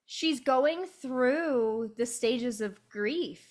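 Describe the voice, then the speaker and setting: A woman with a Midwestern American accent co-hosting a podcast, chatting casually with frequent "um" pauses. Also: on the high side, expressive, a little mellow. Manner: easygoing, pauses with "um". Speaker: podcast co-host. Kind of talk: casual chat about a film.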